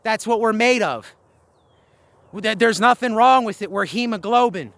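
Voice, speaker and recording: A man's voice: high voice, normal speed, fairly bright tone, no echo. A tired, short-of-breath man walking uphill outdoors, giving an impassioned spiritual monologue in a preacherly cadence with repeated phrases. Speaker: Christian video blogger.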